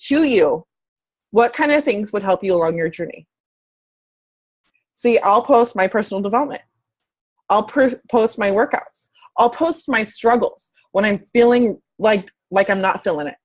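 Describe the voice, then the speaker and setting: A woman fitness coach in her thirties, talking to camera in a candid, chatty way and swearing casually. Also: mid-range voice. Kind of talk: casual motivational talk to camera.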